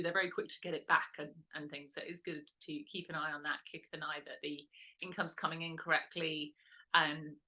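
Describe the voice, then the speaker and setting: A woman's voice: low-pitched, sharp tone. A woman hosting a lifestyle workshop, talking in a chatty, rambling way with lots of "um"s and self-corrections. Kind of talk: casual instructional talk.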